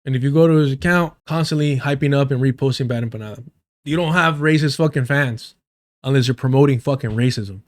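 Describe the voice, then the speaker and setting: A man's voice: mid-range voice, fairly quick. A man from the United States giving heated, profane, sarcastic commentary on a political debate during a livestream.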